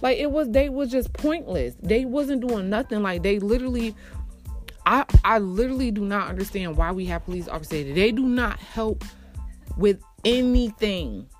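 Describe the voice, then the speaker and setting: A woman's voice: animated, moderate pace, soft background music. Furious profane woman ranting about her day. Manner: heated, profane, exasperated, swings between shouting up and muttering low. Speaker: single mother telling a personal story. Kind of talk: angry storytime rant.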